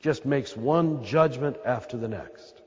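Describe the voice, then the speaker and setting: A man's voice: mid-range voice, a little slow, slightly rough, long reverb tail, highs cut off. A man with an American accent, a Catholic priest giving a spiritual talk to a live audience in a throaty voice. He is emphatic and repeats his points, speaking straight to his listeners. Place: large hall with an audience.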